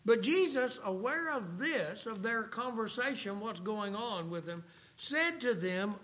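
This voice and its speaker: A male preacher delivers a sermon in a bright, high voice. He reads scripture passages aloud and stretches out key phrases for emphasis. The recording is dull and lo-fi. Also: lively intonation, unhurried.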